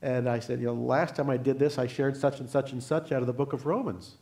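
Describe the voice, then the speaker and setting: An older man, a guest speaker at a church, telling a personal faith story in an earnest, unhurried way and closing in prayer. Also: medium pitch, fairly even intonation, mellow. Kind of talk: sermon testimony.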